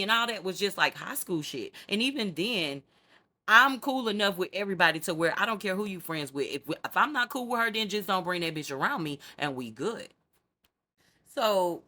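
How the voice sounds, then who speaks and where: A woman's voice: lowish voice, sharp tone. A woman hosting a reality TV recap, talking to viewers in a sassy, slangy, casual way.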